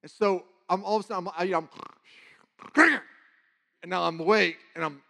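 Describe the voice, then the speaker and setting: A preacher relates a personal testimony in an animated, excited storytelling style. His voice sits slightly high for a man. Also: normal speed, vocal fry. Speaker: guest preacher.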